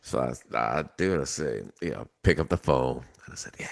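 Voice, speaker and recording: A man co-hosts a relaxed podcast. His voice is very low but moves up and down a lot as he acts out stories from work. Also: brisk, gravelly. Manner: storytelling, animated retelling of anecdotes. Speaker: co-host. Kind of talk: casual podcast chat.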